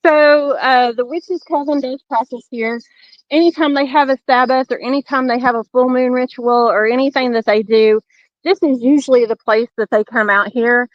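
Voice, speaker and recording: Woman, southern accent, tour guide, walking while talking, fairly high voice, dry dull phone sound. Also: fairly even intonation, normal speed, dry recording. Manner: chatty, walking outdoors while filming. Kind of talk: casual walking tour on a video call.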